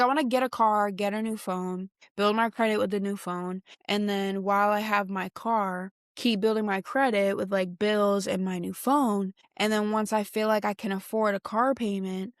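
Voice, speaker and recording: A woman's voice: medium pitch, fairly even intonation, moderate pace, no room sound, clean studio sound. A young woman hosting a podcast, chatting casually in a rambling, slangy way, reacting to clips. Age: young adult. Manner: rambling, slangy, many fillers and restarts. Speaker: podcast host.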